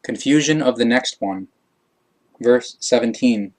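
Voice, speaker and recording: A man reading passages of a scripture aloud, slow, measured and solemn. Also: medium pitch. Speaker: reader.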